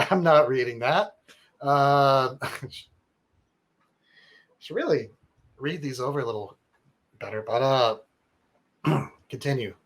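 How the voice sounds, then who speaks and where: Slow-talking man hosting a call-in show. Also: mid-range voice, fairly bright tone. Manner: laughs often, reads emails aloud. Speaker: talk show host. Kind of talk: casual comedic call-in chat.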